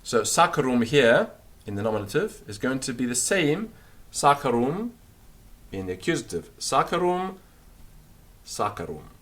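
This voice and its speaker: A man teaching a recorded grammar lesson, explaining and repeating words slowly so they can be drilled. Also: medium pitch, sing-song, fairly bright tone. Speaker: language teacher.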